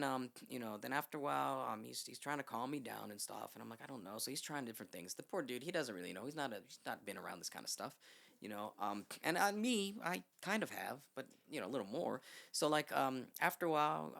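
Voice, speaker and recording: A man sits in as a podcast guest and rambles through a story at a quick clip. His voice has a gravelly, fried texture. He swears freely and slips into the voices of the people he quotes. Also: medium pitch, fairly bright tone. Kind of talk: casual storytelling. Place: podcast studio.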